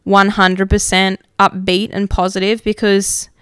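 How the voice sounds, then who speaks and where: A woman speaks openly about her feelings in a personal podcast monologue, reflective and a little raw, dropping casual swears and filler words. Her voice is very clear and smooth. The recording is close and dry, with no room sound. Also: medium pitch, level tone, unhurried, a bit bright, no echo. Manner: open, emotional, swears casually. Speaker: podcast host.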